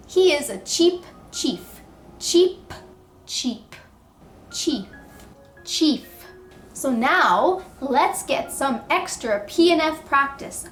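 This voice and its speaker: A woman teaching English pronunciation, drilling words with slow, deliberate, exaggerated enunciation. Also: high-pitched, reverberant.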